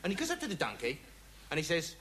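Playing a dim young male amateur sleuth, an actor delivers a rambling comic monologue packed with pointless asides. His voice sits on the high side, races along, and swings wildly in pitch. The broadcast is noisy, with a studio audience laughing loudly throughout.

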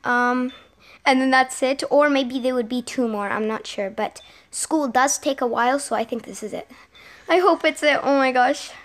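A young girl giving excited commentary while playing a game at home, often repeating exclamations. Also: sits high, moderate pace. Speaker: gaming vlogger. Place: home with a sibling gaming nearby.

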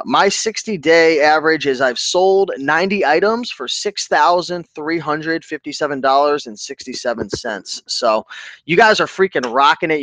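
A man hosting a casual livestream about online reselling, upbeat and chatty, giving shout-outs to viewers. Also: on the high side, dry recording.

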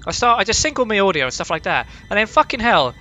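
Brief: male let's-play host, casual, profane, slightly high, bright and animated. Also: fast, highs cut off. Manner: excitable, heavily profane, jumpy. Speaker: gaming channel host. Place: at home.

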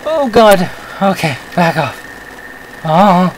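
A man hosting a let's-play, giving excitable commentary, often yelping at the game, with self-mocking rambling asides. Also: high-pitched, slow, slight background noise, low-quality recording. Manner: excitable, yelps and shouts at the game. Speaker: gaming channel host.

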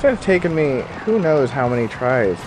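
A man giving casual, excitable commentary while playing a snowboarding game, swinging between mutters and shouts. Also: medium pitch, normal speed. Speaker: gaming YouTuber. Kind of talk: casual let's play commentary. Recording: game music behind.

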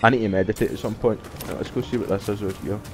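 A young man giving live gameplay commentary, excitable and profane, yelling and cheering at the game. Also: lowish voice, rapid-fire, noisy background. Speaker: gamer. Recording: voice over loud game music.

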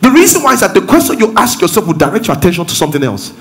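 A male pastor with a Nigerian accent leads a congregation through his sermon. His voice sits a touch high and swoops animatedly. He moves from conversational questions to strong, emphatic preaching. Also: racing. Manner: lively, rising to emphatic preaching. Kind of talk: interactive sermon.

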